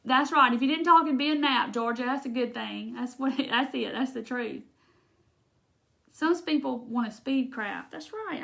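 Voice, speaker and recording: With a high, gravelly, slightly bright voice, a Southern woman hosting a craft livestream talks her way through each step. She's chatty and folksy, thinking out loud and laughing often.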